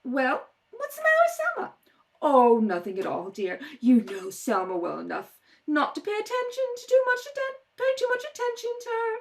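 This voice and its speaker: Woman putting on a domineering elderly aunt for a radio play, curt, commanding, lively high voice. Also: moderate pace, exaggerated voice. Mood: bossy, falsely sweet. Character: domineering older aunt, stiff and controlling. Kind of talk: amateur radio play rehearsal. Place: home kitchen table.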